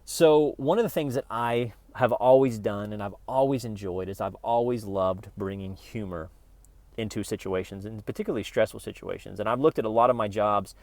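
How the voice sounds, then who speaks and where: A middle-aged man with a fairly low voice talks to his channel viewers about spiritual growth. He is loose and conversational, cracks jokes and often restarts his sentences. The recording sounds close and dry. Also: moderate pace, a little mellow, dry recording. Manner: conversational and joking, with frequent restarts. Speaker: YouTube channel host. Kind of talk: casual spiritual self-help talk.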